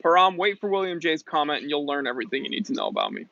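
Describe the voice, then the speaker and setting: This watch channel host has a fairly high, pushed, bright voice with huge pitch swings and vocal fry. On a casual live stream he reads out chat comments and responds chattily and emphatically, rushing to clarify himself, all captured in dull lo-fi sound.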